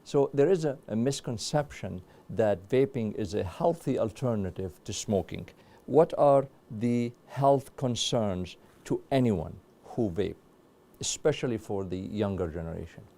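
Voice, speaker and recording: Mellow low-voiced male interviewer. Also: expressive, unhurried. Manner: asks long formal questions. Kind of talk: medical interview questions.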